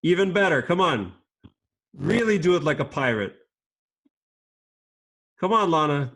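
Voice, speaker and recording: A man teaching a children's class over a video call, patient and encouraging, speaking slowly and clearly. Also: on the high side, sing-song, fairly bright tone.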